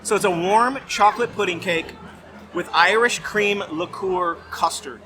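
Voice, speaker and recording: A man's voice: high-pitched, unhurried, pushed and bright, soft background music. Rambling man tasting food outdoors. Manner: rambling, hesitant, many fillers. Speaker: vlogger. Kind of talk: casual food-tasting chat. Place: outdoor festival.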